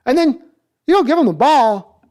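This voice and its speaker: A man doing a celebrity impression, scolding a football coach in choppy, clipped phrases with odd pauses. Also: very high voice, animated, a little mellow, pitched above the performer's own voice. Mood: mocking scold.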